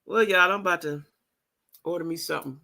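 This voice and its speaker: A woman's voice: lowish voice, fairly quick, vocal fry, pushed and bright. A woman hosting a casual livestream, chatting with her audience and reading their comments aloud. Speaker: livestream host.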